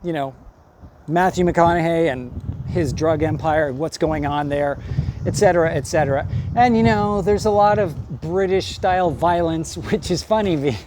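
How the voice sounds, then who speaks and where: A man reviewing a movie in a relaxed, rambling vlog style, full of fillers and quick laughs. His voice sits a little high, with faint noise in the background. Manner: rambling, chatty, laughs often. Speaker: movie reviewer and acting coach.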